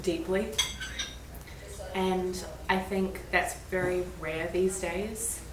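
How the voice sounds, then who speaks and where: A woman's voice: lowish voice, steady tone, slow, crowd noise. Woman, sincere tribute at dinner; roomy, distant. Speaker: friend giving a tribute. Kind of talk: heartfelt casual chat. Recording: echoey room, far mic, background noise.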